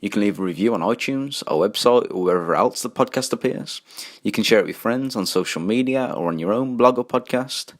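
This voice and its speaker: A male podcast host reads a scripted support appeal with dry, wry humor. His voice is low-pitched and steady. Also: brisk. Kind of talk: scripted sponsor read.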